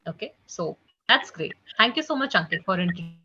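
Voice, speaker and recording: A woman's voice: on the low side, lively intonation, a little fast, crowd noise. A woman tutoring a live online French class, chatty and repeating "guys" and "okay" often, heard over a video call. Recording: muffled video call audio.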